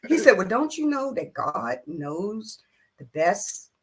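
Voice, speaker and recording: Husky, lively older woman storyteller. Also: mid-range voice, takes it slowly. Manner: acts out quoted dialogue with laughter and emphasis. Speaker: interview guest. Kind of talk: animated personal storytelling.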